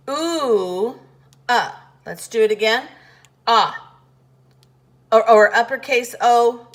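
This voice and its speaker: A woman teaching letter sounds in a slow, patient phonics lesson, carefully over-enunciating each sound. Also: a little high.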